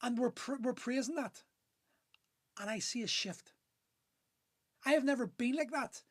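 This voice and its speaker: A man's voice: very high voice, measured pace, dry recording. A man in his forties, a gym owner, ranting fervently on a phone livestream, swearing often and restarting his sentences. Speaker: gym owner and men's coach. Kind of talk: impassioned live-stream monologue.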